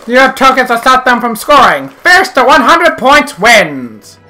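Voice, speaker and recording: A man's voice: very high voice, big pitch swings, measured pace, pushed and bright, soft background music, exaggerated voice. A man putting on a formal, proclamatory old-timey male game announcer voice. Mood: announcing.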